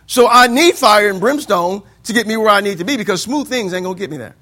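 High, bright-voiced preacher calling for amens. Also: male voice, animated, fast talker. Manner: call-and-response preaching, asks for amens; swings from loud declaiming to quiet asides. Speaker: pastor. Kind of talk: sermon.

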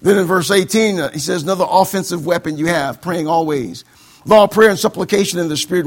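A man's voice: fairly high pitch, creaky, breathy edge. A male pastor preaching a sermon, quoting scripture and calling for amens from the congregation. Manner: call-and-response preaching, quoting scripture, mocking excuses in voices.

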